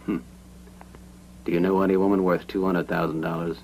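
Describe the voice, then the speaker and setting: A ruthless ex-army captain, real low voice, cold and menacing, faint hum behind. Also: male voice, level tone, a little fast, a little mellow, low-quality recording. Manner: cold, menacing, matter-of-fact. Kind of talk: dubbed 1970s western film acting.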